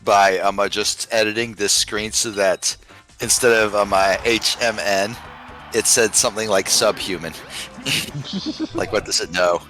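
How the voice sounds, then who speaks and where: A man's voice: fairly low pitch, fairly even intonation, measured pace, bright, forceful tone, soft background music, poor audio. A man hosting a let's play, chatting casually with friends and riffing on jokes with a playful laugh. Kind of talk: casual group chat while gaming.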